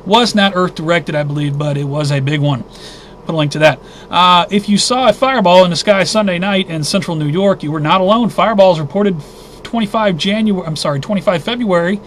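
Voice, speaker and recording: Indignant high-voiced man reading news. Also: a little fast, a little hiss or hum. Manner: agitated, indignant, thinking aloud with restarts. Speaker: host of a weekly news briefing. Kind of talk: casual news roundup commentary.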